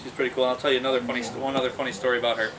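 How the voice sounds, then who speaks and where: An exotic animal handler and business owner races through casual, animated anecdotes in a mid-range voice, laughing along and acting out the voices of the people involved. The mic is distant, with air-conditioning hum behind him.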